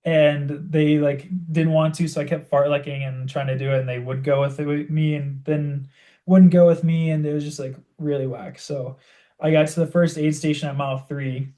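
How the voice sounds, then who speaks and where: Young man telling a story, mellow voice. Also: on the high side, moderate pace. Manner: animated storytelling, heavy use of "like". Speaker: podcast co-host. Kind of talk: casual chat.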